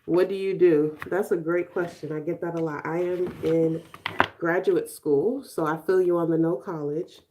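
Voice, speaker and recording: A Chicago woman in her twenties live streams while doing her makeup, chatting with viewers, reading their comments and answering them, and laughing often. Her voice is fairly low and dark, with fairly even intonation at a moderate pace. A faint hiss or hum sits in the background.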